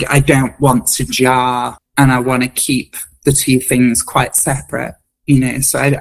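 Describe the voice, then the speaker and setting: A woman's voice: very deep voice, rough recording. A woman comedian who is a guest on a radio show, answering thoughtfully and with good humour. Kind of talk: radio interview.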